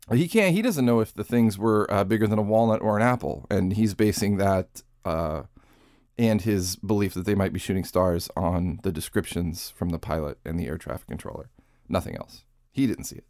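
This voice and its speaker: A man's voice: lowish voice, darkish tone, no room sound, clean studio sound. A man hosting a podcast in casual commentary style. He sounds sarcastic and incredulous, and he swears freely. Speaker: podcast host.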